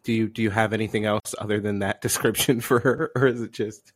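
A man's voice: lowish voice, steady tone, fairly quick, no room sound. A man co-hosting a comedy podcast, playing the straight-faced interviewer with stammering questions.

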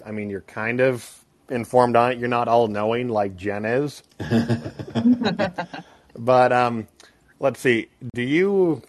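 A man calling in to a podcast, a high school history teacher asking a question in a friendly, easygoing way. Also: no echo. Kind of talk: podcast call-in.

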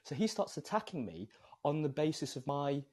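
A man's voice: a little high, moderate pace, dry recording. A man with a British accent, chatting casually on a podcast and telling stories with frequent tag questions. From Britain. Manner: animated storyteller, tag questions like "right?".

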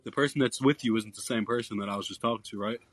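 A man's voice: lowish voice, racing, slightly rough, no echo. A man hosting a live call-in basketball podcast, taking callers one after another. He is blunt and easily irritated, and he stumbles through repeated words before getting his point out. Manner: blunt, irritated, stammering restarts. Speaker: podcast host. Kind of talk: live call-in sports chat.

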